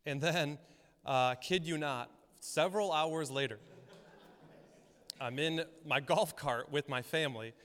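A young male pastor preaches in a hall with a long reverb that trails after his words. His voice sits a little high, and its tone is smooth and resonant. He keeps things conversational, telling stories and laughing along the way. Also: unhurried, a bit bright. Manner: storytelling, conversational, laughs often. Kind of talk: sermon. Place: church hall.

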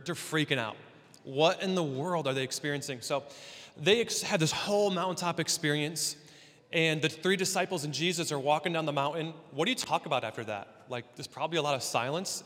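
Bright-voiced pastor in a reverberant hall. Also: male voice, fairly high pitch. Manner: conversational and playful, with joking asides. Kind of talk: casual sermon. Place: church hall.

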